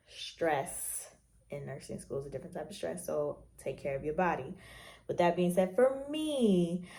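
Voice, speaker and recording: A young woman in nursing school chatting candidly to camera, acting out little quoted exchanges as she tells her story. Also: deep voice. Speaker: nursing student vlogger. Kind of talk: casual chat to camera.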